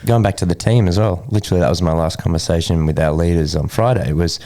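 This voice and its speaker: A man's voice: low-pitched, quick pace, mellow. A man co-hosting a podcast, a team leader who chimes in with dry quips during casual chat. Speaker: podcast co-host.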